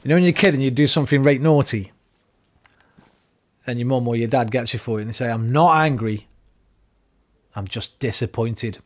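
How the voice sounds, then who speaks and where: A man's voice: mid-range voice, fast talker, long pauses. A tired man chatting and rambling casually to his viewers while streaming a game. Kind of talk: casual live-stream chat while gaming.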